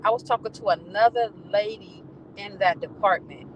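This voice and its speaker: A woman venting in a casual, profane, animated monologue while riding home. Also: mid-range voice, moderate pace, lo-fi sound, slight background noise. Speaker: vlogger. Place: in a car on the ride home.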